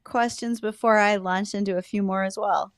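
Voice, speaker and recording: A woman's voice: medium pitch, fairly even intonation, normal speed, no room sound, clean studio sound. A woman hosting an agriculture show, chatty and playful as she puts questions to her guest. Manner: chatty, playful, reads sponsor spots. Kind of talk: radio and TV farm show hosting.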